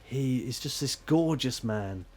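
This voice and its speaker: A man serving as game master for a tabletop role-playing game narrates scenes in a rambling, animated and self-mocking way. His voice is medium pitched and his pace measured.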